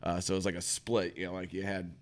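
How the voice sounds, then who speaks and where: A man's voice: low-pitched, flat delivery, fast talker. A man in casual podcast chat, telling a rambling, profane story and laughing often as he goes. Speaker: podcast co-host.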